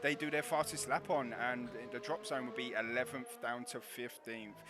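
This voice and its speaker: A man's voice: mid-range voice, steady tone, moderate pace. A man commentating casually on a sim race stream, laughing often and reading out chat messages. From Scotland.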